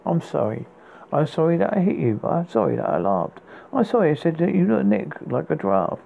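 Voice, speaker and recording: A man's voice: fairly high pitch, big pitch swings, a little fast, creaky. A man hosting a podcast, reading poems aloud and often stumbling and restarting words. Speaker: podcast host. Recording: tinny phone-like sound with faint hiss.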